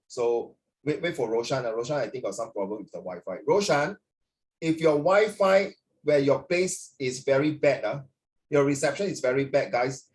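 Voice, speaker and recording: A man teaching an online class as a tutor, talking in a rambling, animated way full of fillers, heard over a video call. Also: mid-range voice.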